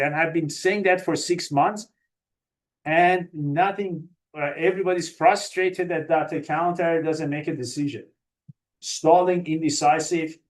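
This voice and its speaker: A man with a fairly high voice delivers a medical webinar lecture. He is lively and self-mocking, and he slips into the voices of hard-to-work-with colleagues to make his points. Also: normal speed. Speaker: physician lecturer.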